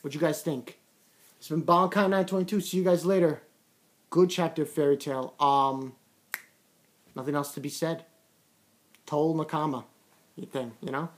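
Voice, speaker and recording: A woman giving a casual, excitable comic chapter review, repeating words and retelling scenes in quoted voices. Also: deep voice, moderate pace, pauses often.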